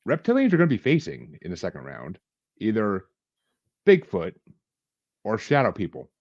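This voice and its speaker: Guy hosting a chill podcast, kinda low voice, restarts his sentences, dull dry audio. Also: huge pitch swings, normal speed, darkish tone, no echo. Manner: laughs often, restarts sentences, says "freaking". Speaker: podcast host. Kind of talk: casual podcast chat.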